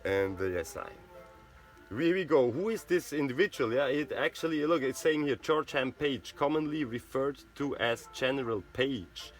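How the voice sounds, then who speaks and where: A man with a Swiss German accent holds forth in a loose, rambling monologue at a middling pitch. He checks in with his listener constantly, tacking "you know" and "right?" onto his sentences. Faint music plays quietly behind him. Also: expressive, normal speed. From Switzerland.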